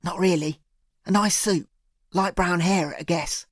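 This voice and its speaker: A man's voice: high voice, fairly even intonation, measured pace, dry recording. A man voicing a cool, wry young captive woman. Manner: cool, wry, dry retorts. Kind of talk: audiobook character voice.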